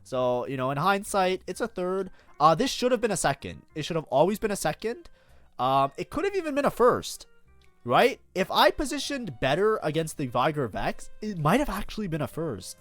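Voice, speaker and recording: Here a high, sing-song male voice at normal speed, slightly bright, picks apart his own match while streaming. He curses, erupts in frustration, faults himself and never stops talking, all casual gameplay chatter with no echo and soft music underneath.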